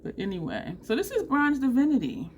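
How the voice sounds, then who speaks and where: A woman from New Jersey chatting casually through a makeup tutorial, animated and laughing often. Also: fairly high pitch, a little fast, slight background noise. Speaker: beauty vlogger.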